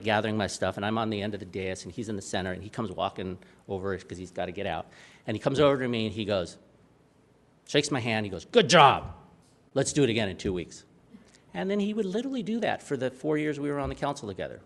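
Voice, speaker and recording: A middle-aged man talks to a room of council members like he's chatting with them. He's animated and tells stories, then circles back to hammer his main points home. His delivery stays conversational rather than formal. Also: mid-range voice. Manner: conversational storyteller, animated, repeats key points. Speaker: city attorney giving a training talk. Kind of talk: informal presentation to council members.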